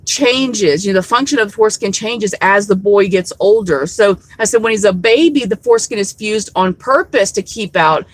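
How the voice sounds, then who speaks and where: A woman's voice: mid-range voice, normal speed, few pauses, no echo, poor audio. A woman vlogger telling a story to her viewers in a rambling, candid way, swearing freely. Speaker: activist vlogger.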